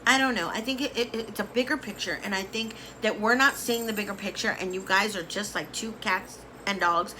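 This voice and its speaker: A woman vlogger ranting casually to camera about beauty influencers, emphatic and animated, repeating words for emphasis and calling people honey. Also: mid-range voice, brisk, few pauses, slight background noise, low-quality recording. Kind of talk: casual opinion rant to camera.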